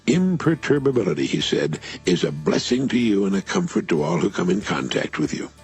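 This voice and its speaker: An older man giving a measured, earnest inspirational talk in a scripted radio style, leaning on key words. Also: low-pitched, very animated, a little mellow, faint music behind. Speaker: motivational speaker.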